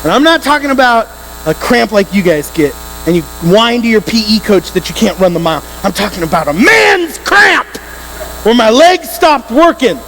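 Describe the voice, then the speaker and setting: A man preaching to a youth group, telling a story in an animated, emphatic way and speaking straight to the teens. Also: high-pitched, brisk. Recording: hall reverb with faint electrical hum.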